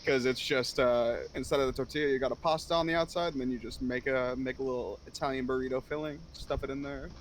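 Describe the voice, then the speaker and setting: A man's voice: medium pitch, fairly even intonation, fast talker, few pauses, slight background noise. A man in casual chat, rambling with lots of "like" and "dude" and teasing his co-host. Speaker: co-host guest.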